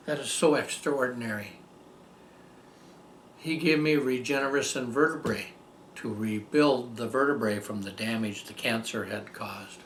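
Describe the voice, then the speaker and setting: Older guy rambling thru a story, lots of um and uh, mid pitch, faint hum behind. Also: a bit bright, echoey room. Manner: rambling, halting with repeated fillers and restarts. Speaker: patient giving a testimonial. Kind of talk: storytelling tribute.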